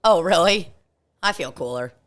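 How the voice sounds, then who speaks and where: Woman co-host, lower voice, playful banter, quick to laugh. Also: animated, fairly bright tone. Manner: joking, laughs often, leads a mock breathing exercise. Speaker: podcast co-host. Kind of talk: casual comedic chat.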